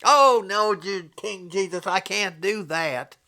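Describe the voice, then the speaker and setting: A scared, pleading churchgoer with a high, thin whine, put on by a man who is mocking him. The voice climbs up high and stays sharp and bright. It wheedles and frets in a deliberately silly way. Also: exaggerated voice. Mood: whiny.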